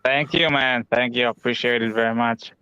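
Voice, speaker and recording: A man's voice: medium pitch, fairly even intonation, moderate pace, bright, forceful tone, clean tone, no echo, dull audio. A man co-hosting a casual livestream over a video call, laid-back, mostly giving short replies and laughing easily. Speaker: livestream co-host.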